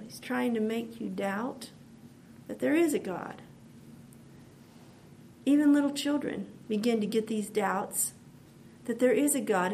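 A woman's voice: fairly high pitch, darkish tone, a little hiss or hum. A woman preaching a devotional sermon in an earnest way, repeating phrases as she builds her point.

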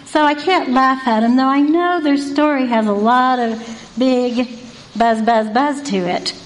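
A woman who works night staff at a youth residence tells an animated personal story, acting out the people in it. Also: sits high, unhurried, poor audio. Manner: animated, conversational, acts out voices.

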